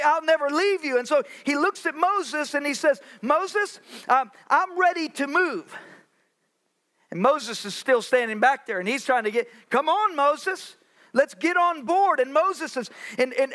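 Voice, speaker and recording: High, bright-voiced preaching pastor. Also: male voice. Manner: preaching with dramatic pauses, acting out Bible voices. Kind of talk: sermon. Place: church sanctuary.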